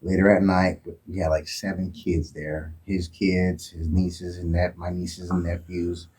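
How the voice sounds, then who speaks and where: A man from Oakland, California, telling a profane, animated story as a guest in a casual interview. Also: low voice, a little slow, husky. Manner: profane, animated retelling with acted quotes.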